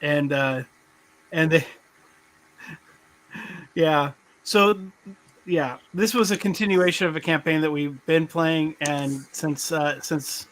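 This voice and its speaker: A man's voice: fairly high pitch, slow, long pauses, a bit bright, rough recording. A middle-aged man hosting a live podcast, chatting casually and rambling with many restarts. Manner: rambling, restarts often, laughs as he talks. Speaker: podcast host. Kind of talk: casual chat on a live stream.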